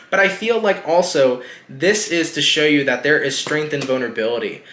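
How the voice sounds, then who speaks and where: A man's voice: mid-range voice, bright, forceful tone, echoey room. A man giving a casual tarot reading, speaking reassuringly and straight to the viewer. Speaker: tarot reader.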